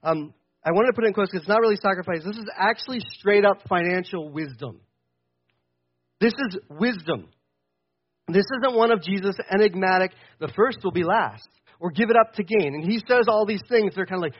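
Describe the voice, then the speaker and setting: A young man preaching a sermon from a church stage in a casual, animated way. He swings between loud and quiet and acts out voices in quotes. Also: high-pitched, moderate pace, dull audio. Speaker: pastor.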